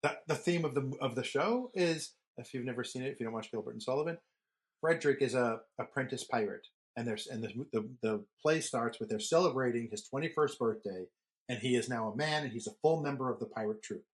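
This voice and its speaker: Middle-aged man, podcast co-host, rambling animated storyteller, casual swearing, mid-range voice. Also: mid-range voice, brisk. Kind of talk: casual chat.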